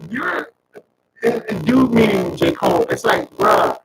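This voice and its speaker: A man talking casually as a guest through a robot voice filter, slangy and animated, quoting himself in asides. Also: a bass voice, moderate pace, creaky, far from the mic, background noise. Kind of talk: casual livestream chat.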